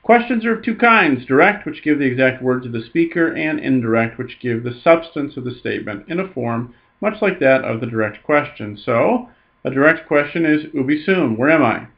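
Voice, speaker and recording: A man teaching a recorded Latin lesson, patiently reading each phrase slowly and then explaining it. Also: mid-range voice, expressive, vocal fry, lo-fi sound.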